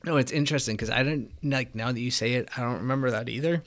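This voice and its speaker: A man's voice: mid-range voice, fast. A man co-hosting a casual chat, thinking aloud in a hesitant way. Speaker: podcast co-host.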